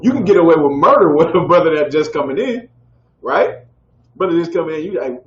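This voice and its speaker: In a dull, roomy low-fi recording with faint noise behind him, a man teaches a scripture class in a preaching manner. He's expressive and a little fast, working call-and-response and often checking "y'all with me?"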